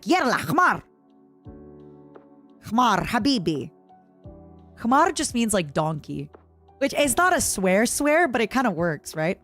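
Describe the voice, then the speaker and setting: A young woman from Canada chatting casually on a livestream, giggly and given to high squeals and snatches of song. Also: a bit bright. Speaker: streamer.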